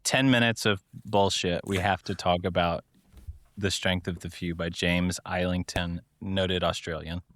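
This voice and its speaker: A man's voice: deep voice, little pitch movement, a little slow, a bit bright. A young man co-hosting a casual podcast, chatty, laughing often and acting out quotes in exaggerated voices. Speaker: podcast co-host.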